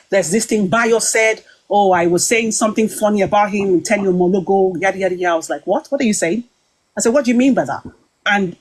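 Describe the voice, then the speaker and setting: A British woman talking casually, retelling a heated group-call dispute in an animated, aggrieved way with many quoted exchanges. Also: mid-range voice. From Britain. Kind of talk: casual storytelling to viewers.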